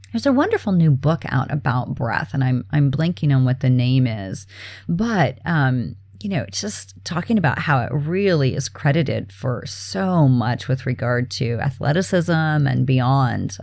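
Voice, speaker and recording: A woman hosting a podcast, talking casually about self-care with a relaxed, chatty manner and frequent fillers. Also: low-pitched, no room sound, studio quality. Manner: relaxed and chatty, many fillers, soft breathy laughs. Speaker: podcast host.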